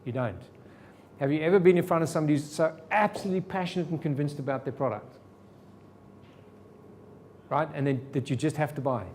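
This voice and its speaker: A man's voice: on the high side, brisk, long pauses, darkish tone, a little hiss or hum. A man teaching a sales seminar to a live audience, firing rhetorical questions at the room. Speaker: sales trainer.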